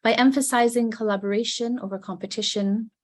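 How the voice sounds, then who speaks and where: A woman's voice: on the high side, steady tone, a little fast. A woman researcher gives a prepared academic presentation over a video call. She speaks formally and articulately, as if reading from a text. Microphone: video call microphone.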